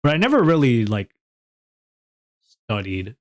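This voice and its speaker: A man streaming alone in easy, loose chatter, wandering between topics with plenty of self-mocking laughs. His voice sits at an ordinary middle pitch for a man, and he talks like a VTuber chatting straight to his viewers. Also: huge pitch swings, unhurried. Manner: rambling and self-deprecating, laughs often. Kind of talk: casual solo stream chat.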